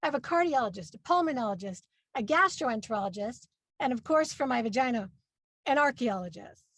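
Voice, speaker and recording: A woman in her forties doing a stand-up comedy set, with a brash, punchy delivery and loud put-on voices for her parents. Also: fairly high pitch, animated, a little fast, no room sound, studio quality. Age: 40s.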